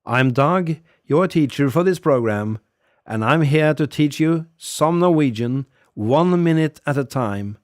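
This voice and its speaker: Male teacher, slightly high voice, slow scripted lesson delivery, dry close sound. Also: lively intonation, no echo. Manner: slow, patient, repeats phrases for learners. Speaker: language teacher. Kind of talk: scripted audio language lesson.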